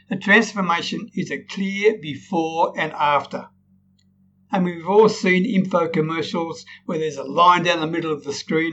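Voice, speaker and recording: A man's voice: on the high side, a bit bright, dull audio, a little hiss or hum. A man teaching how to tell stories in a recorded lesson, often checking in with "right?" and acting out example sentences in different tones. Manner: demonstrates tones, frequent "right?" tag questions. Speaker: storytelling coach.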